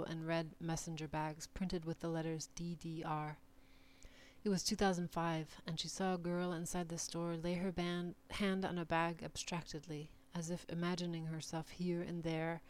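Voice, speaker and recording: A woman giving a measured, deliberate reading of short numbered literary passages. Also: on the low side, a little mellow. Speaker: reader.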